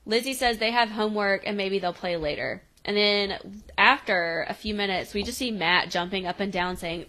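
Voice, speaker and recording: A woman with a bright, sharp voice chats through a TV episode recap on a podcast. She retells each scene in a casual, animated way and slips into the characters' lines as she goes. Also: medium pitch, moderate pace. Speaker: podcast co-host.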